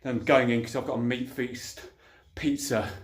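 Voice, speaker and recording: A man's voice: mid-range voice, little pitch movement, normal speed. A middle-aged man vlogging his workout in a casual, chatty way, swearing a little and short of breath between sets. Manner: chatty, breezy, mild swearing. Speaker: fitness vlogger. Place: home gym at dusk. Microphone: camera set up at a distance. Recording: roomy sound from a distant camera.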